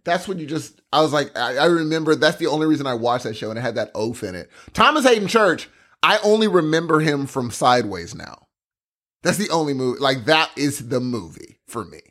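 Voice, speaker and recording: A young man on co-host duty, chatting casually, animated and excitable. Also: fairly high pitch, a little fast. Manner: animated, excitable, says "dude" a lot. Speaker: podcast co-host. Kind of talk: casual chat.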